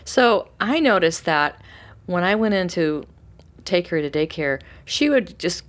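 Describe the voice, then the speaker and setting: Animated woman telling a story. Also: lowish voice, measured pace. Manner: animated, acts out quotes with lively voices. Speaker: podcast guest. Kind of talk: storytelling in casual chat.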